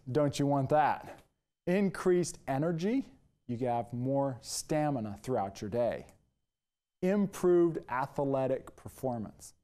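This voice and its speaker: A male nurse leads an exercise demonstration lesson, coaching upbeat and counting out the moves while working out, sometimes a little out of breath. His voice is fairly high in pitch with a darkish tone.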